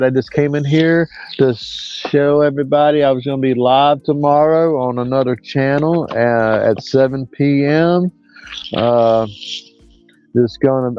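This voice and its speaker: A man, rambling through a casual livestream chat as host in a folksy, drawn-out way. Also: mid-range voice. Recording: dull lo-fi dry sound.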